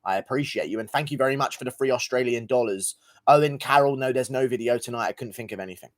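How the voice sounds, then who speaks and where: Livestreaming casually, a young man from England reads out donations amid crude, profane, mocking banter. His voice sits in the mid range and he talks fast.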